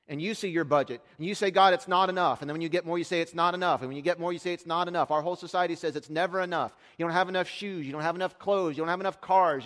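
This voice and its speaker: Male pastor, thirties, lively sermon delivery, fairly high voice, reverberant sanctuary sound. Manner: animated preaching, rising loud on quoted lines, dropping low to aside. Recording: long reverb of a large hall.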